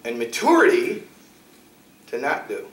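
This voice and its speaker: A man giving a talk as a rabbi, telling stories with animated acted-out dialogue. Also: a little slow. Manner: animated, acts out dialogue with shifting pitch. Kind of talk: lively storytelling lecture. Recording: roomy, distant mic in a hall.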